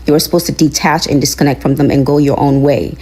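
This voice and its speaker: A woman's voice: deep voice, steady tone, quick pace, warm tone, a little hiss or hum, rough recording. A woman in a played clip delivering an earnest, sermon-like motivational talk, repeating her phrases for emphasis. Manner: earnest, preachy, repetitive phrasing. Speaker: online commentator.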